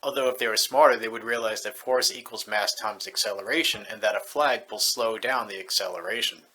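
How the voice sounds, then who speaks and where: A man's voice: fairly low pitch, a little fast, noisy background. A man narrating political commentary in a sarcastic, mocking way.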